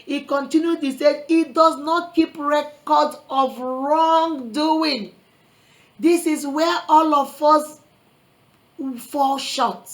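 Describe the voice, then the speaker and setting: A woman vlogger gives earnest relationship advice in a preachy, motivational talk, quoting scripture and addressing listeners as sister and brother. Her voice is high and she speaks slowly, on a rough recording.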